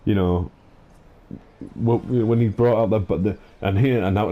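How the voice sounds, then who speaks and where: A man's voice: lowish voice, steady tone, a little slow, dark tone. A man hosting a gaming channel, ranting in an exasperated, sweary way, full of fillers and restarts. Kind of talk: ranting commentary over gameplay.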